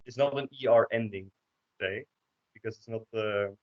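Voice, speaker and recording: Low-voiced Dutch man teaching on a call. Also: normal speed. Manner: hesitant, many fillers, explains step by step. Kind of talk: online class teaching. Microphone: computer microphone on a video call. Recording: dull lo-fi call audio.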